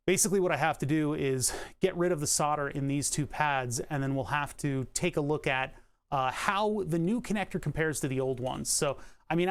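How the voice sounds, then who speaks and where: A man streaming while he repairs a tablet, rambling casually with lots of fillers and asides. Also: on the high side. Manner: rambling, full of fillers and asides, laughs often. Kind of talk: casual livestream talk while repairing electronics.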